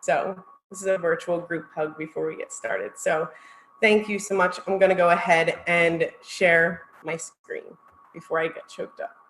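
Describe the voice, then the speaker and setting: A woman's voice: on the low side, steady tone, measured pace, fairly bright tone. Woman giving a teary heartfelt talk on a video call, roomy echo, bit of hiss. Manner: heartfelt, on the verge of tears. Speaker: marketing executive presenter. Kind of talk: emotional virtual conference presentation.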